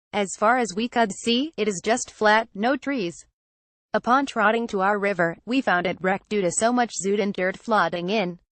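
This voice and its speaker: A woman's voice: medium pitch, dry recording. A woman narrating an audiobook in an earnest, naive first-person storytelling manner.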